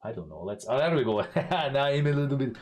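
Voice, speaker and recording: A young man, chatting casually to viewers on a live stream, swearing and laughing, his voice often jumping loud and high. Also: sing-song, brisk.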